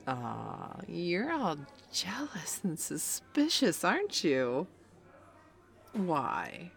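A woman's voice: low voice, animated, slow. A young woman voicing a cocky, taunting female best friend in an audio role-play, talking in a smug, playful way.

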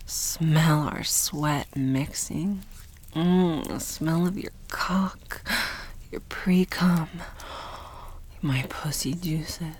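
A woman in a whispered role-play, speaking in a slow, breathy, teasing and commanding way. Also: low voice, a little mellow, a little hiss or hum. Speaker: audio role-play performer.

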